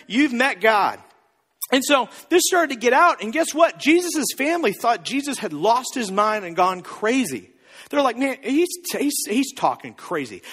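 A man preaching a sermon as pastor, telling the story in an animated, joking way. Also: very high voice, in a large hall. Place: church.

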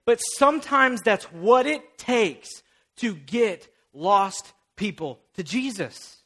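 A young male pastor delivering a lively sermon, his voice strikingly high and bright. He tells the story like a performer, slipping into the characters' voices. His manner is casual and playful. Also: slow. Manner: animated storyteller acting out the scene.

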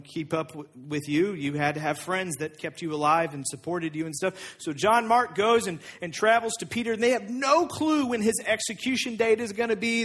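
High, husky-voiced preacher. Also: male voice, fairly bright tone. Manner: conversational, with asides and restarts. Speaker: pastor. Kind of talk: sermon.

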